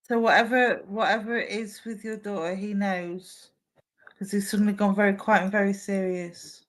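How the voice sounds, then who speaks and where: Female medium, talky and warm-paced, live-stream reading. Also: mid-range voice, fairly even intonation, moderate pace. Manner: chatty, relays messages from spirit.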